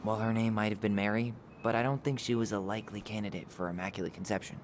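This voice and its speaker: A man's voice: lowish voice, fairly even intonation, fast talker, background noise, lightly acted. Tyler, a man voicing a wry young guy. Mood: dry. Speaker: game character. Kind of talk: video game voice acting. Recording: game audio with clear music behind.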